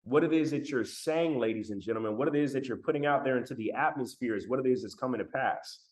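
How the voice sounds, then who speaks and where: A man's voice: mid-range voice, quick pace, darkish tone. Emphatic man giving a livestream talk. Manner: emphatic, repeats phrases, addresses chat directly. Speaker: motivational speaker. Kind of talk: live-streamed motivational talk. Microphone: laptop mic.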